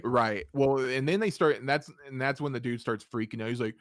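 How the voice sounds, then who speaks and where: A man telling a story on a casual podcast, animated and quick to laugh. He acts out both sides of each exchange and swears freely. His voice sits at an everyday male pitch and sounds close and dry, with no room around it. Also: dry recording. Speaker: podcast host.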